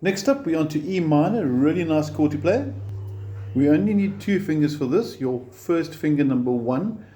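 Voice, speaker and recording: A man gives a patient, encouraging beginner guitar lesson and counts the beats out loud. His voice sits a little high but sounds mellow and soft-edged. Quiet guitar playing runs underneath. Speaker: guitar teacher.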